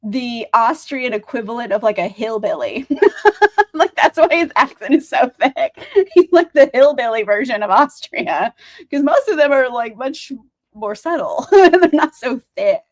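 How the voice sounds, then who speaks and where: Young woman on a book stream, kinda tired, rambly, says like constantly, laughs a lot, voice a bit high. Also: animated, a little slow. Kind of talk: casual livestream chat.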